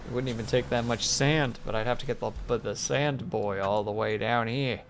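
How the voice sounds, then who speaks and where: A man's voice: mid-range voice, moderate pace, slight background noise. A man streaming a game, chatting casually and joking with his chat and co-player. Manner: lively, animated, jokey with chat.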